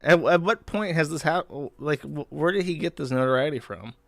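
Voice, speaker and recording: A man's voice: fairly high pitch, normal speed, gravelly, fairly bright tone, no room sound, studio quality. Profane, mocking male streamer. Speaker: streamer host. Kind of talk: casual live-stream commentary.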